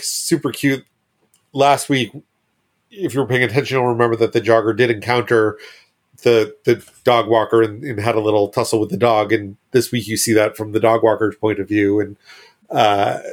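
A man co-hosting a podcast in casual chat, who explains points carefully and sometimes hums a rhythm to make them. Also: fairly low pitch. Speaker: podcast co-host.

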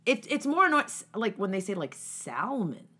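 Lively playful woman. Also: fairly high pitch, fast talker, breathy edge. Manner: laughs easily, playful. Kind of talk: casual podcast chat.

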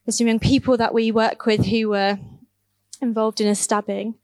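A woman's voice: fairly high pitch, level tone, moderate pace, a little mellow, no room sound. A woman, a youth ministry worker, telling casual, earnest stories in a church talk, laughing now and then and often saying "like". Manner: casual, earnest, laughs at her own stories, many fillers like "like". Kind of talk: church talk, personal storytelling.

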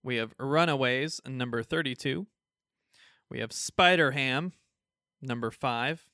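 A man's voice: medium pitch, unhurried, pushed and bright, no echo, clean studio sound. A man co-hosting a casual podcast, reading through a list of new comic releases with jokes along the way. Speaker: podcast co-host.

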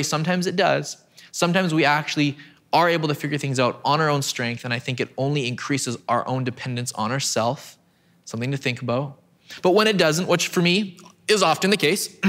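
A man's voice: fairly high pitch, a bit bright. A man in his thirties preaching a sermon from a church stage, talking in a conversational, self-deprecating way and often repeating words as he restarts. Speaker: pastor.

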